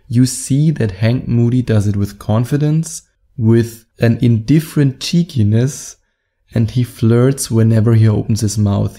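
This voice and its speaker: A man giving dating advice straight to camera as a coach, in a slow, deliberate, instructive way. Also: mid-range voice, gravelly, dark tone. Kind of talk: direct-to-camera advice monologue.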